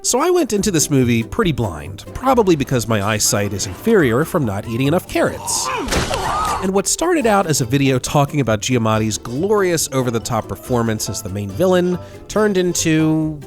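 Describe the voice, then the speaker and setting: Wry, animated male film reviewer. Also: medium pitch, moderate pace, over music. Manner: wry, jokey, self-deprecating. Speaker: film review video host. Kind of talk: casual comedic commentary.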